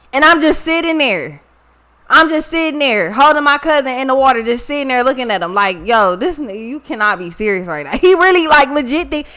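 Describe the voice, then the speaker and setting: A woman's voice: high-pitched, sharp tone. A woman talking straight to her viewers in a blunt, profane, scolding style as a card reader, mixing in a personal story. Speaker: tarot reader. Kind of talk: blunt casual monologue to viewers.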